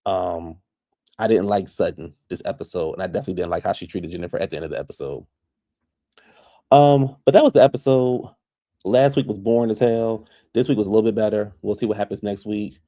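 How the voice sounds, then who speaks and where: A man casually recapping a reality TV episode for his viewers, chatty and opinionated, quick to pass judgment on the cast. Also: on the low side, dark tone. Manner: chatty, gossipy, opinionated, addresses viewers as y'all.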